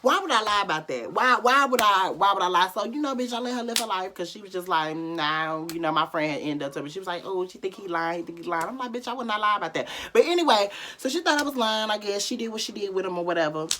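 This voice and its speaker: A young woman vlogger telling a casual, profane storytime with animated, dramatic voice swings. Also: medium pitch, fast talker, few pauses, a little hiss or hum.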